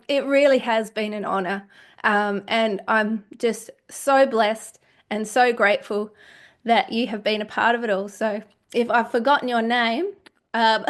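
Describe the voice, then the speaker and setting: A woman hosting her own podcast, talking alone in a chatty, heartfelt, rambling way. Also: medium pitch. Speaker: podcast host. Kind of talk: casual solo monologue.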